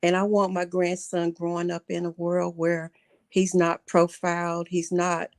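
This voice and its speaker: A middle-aged woman calling in to a livestream talk show, speaking earnestly and haltingly, often repeating herself. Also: lowish voice, completely flat delivery, darkish tone. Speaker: caller.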